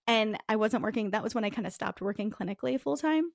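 A woman's voice: mid-range voice, expressive, fast talker, vocal fry, dry recording, clean studio sound. A woman in her thirties with a Northeastern US accent, a podcast guest telling her story in a candid, chatty way. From farming community in the US. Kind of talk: podcast interview.

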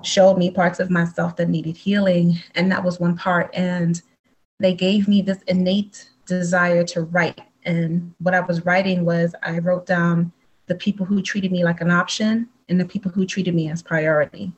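Husky-voiced woman telling stories. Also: on the low side, normal speed, rough recording. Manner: animated, acts out dialogue in storytelling. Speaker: guest, psychic medium. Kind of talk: conversational storytelling.

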